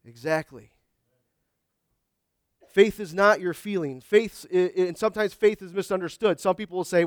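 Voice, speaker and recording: A middle-aged man preaching in a high, light voice, close and dry with no room sound. He talks in a conversational way, slipping in homey jokes and little acted asides between points. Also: lively intonation, moderate pace, no echo. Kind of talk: sermon.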